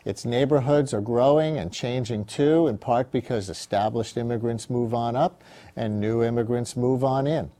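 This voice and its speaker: Mellow-voiced male TV host. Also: mid-range voice. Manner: measured, scripted intro then quick questions. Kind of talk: TV interview. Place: TV studio.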